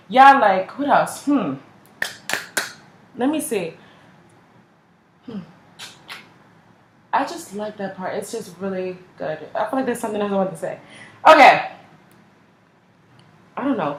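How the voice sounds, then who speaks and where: A young woman chatting casually in a music reaction video, gushing and filling every sentence with "like" and slang. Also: medium pitch. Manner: gushing, heavy use of "like" and slang. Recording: echoey room.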